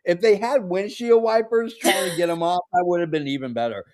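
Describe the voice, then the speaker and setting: Male co-host, casual chat, raised pitch, blunt and jokey. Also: fairly quick, darkish tone. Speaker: podcast co-host.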